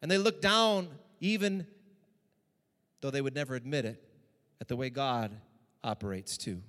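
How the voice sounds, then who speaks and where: A man preaching a sermon as pastor, moving between hushed personal tones and raised, urgent exhortation. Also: medium pitch, normal speed, in a large hall.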